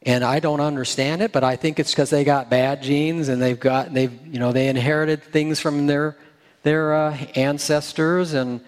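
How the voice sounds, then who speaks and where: A middle-aged man preaches to his congregation in a folksy, joking manner, his voice sitting a little high for a man. The sound carries a long reverb, as if from a large sanctuary. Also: fairly even intonation, moderate pace. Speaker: pastor. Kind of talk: sermon.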